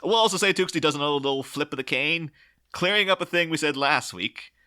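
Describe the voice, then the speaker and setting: A man talks on a casual podcast with a bright, forceful voice that swings widely in pitch. He is chatty and animated, laughing often and slipping into quoted voices as he tells a story. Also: quick pace, clean tone. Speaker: podcast co-host.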